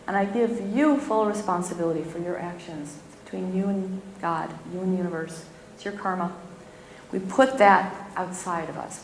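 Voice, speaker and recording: A middle-aged woman giving a gentle, expressive spiritual talk to a live audience. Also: medium pitch. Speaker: spiritual teacher. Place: spiritual community hall. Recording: echoey hall, faint room noise.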